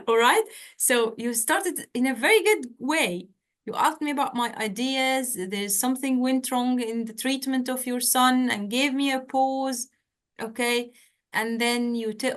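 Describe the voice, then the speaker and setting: A woman tutor speaking over a video call with a fairly high voice. She gives direct feedback and keeps checking in with "okay?" and "all right?". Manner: direct, coaching, repeats points with "okay?". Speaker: medical exam tutor. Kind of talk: online feedback session.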